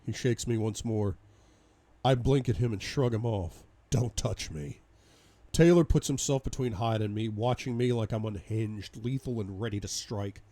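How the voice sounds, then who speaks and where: A man's voice: fairly low pitch, normal speed, dark tone. A man reading a first-person audiobook in an intense, dramatic way. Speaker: audiobook reader.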